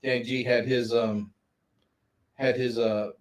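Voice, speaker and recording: A man's voice: mid-range voice, level tone, unhurried, rough recording. Chatty man hosting a livestream. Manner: chatty, greets viewers by name, laughs often. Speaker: livestream co-host. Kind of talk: casual livestream chat.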